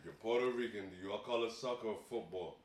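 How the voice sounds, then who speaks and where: A man of Barbadian and Jamaican background chatting casually as a comedian and co-host, telling profane, animated stories with lots of restarts. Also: lowish voice, fast, reverberant. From Barbados and Jamaica heritage. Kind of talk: casual chat.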